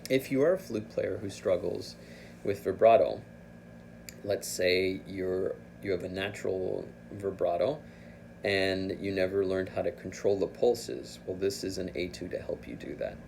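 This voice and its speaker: Low, gravelly-voiced male flute teacher. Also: steady tone, measured pace, darkish tone, slight background noise. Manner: patient, thinking aloud with restarts. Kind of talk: instructional explanation.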